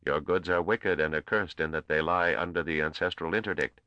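Narrator doing a squeaky, scornful old ruler, clipped and cold, dull cassette sound. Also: male voice, fairly even intonation, fairly quick, bright, forceful tone, no room sound. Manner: snapping, intoning, coldly formal. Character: small old balding male ruler, scornful and curt. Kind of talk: audiobook character voice.

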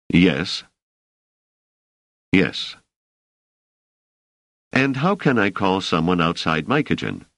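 Brief: man voicing a deep-voiced, dryly exasperated scholar for an audiobook, close and dry. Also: fairly bright tone, no echo, heavily acted. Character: wary male scholar, a guest in a strange place.

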